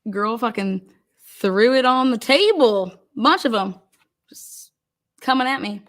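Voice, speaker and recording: A woman's voice: a little high, lively intonation, a little slow. A woman hosting a live stream panel, telling an indignant, profane story and breaking into laughter. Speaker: livestream panel host.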